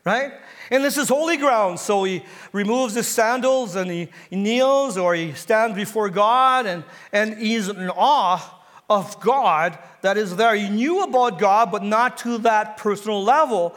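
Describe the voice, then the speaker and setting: In a large hall of a church sanctuary, a pastor with a high, fairly bright voice speaks a little slowly. His sermon retells a story and puts questions to the listeners before building into emphatic exhortation.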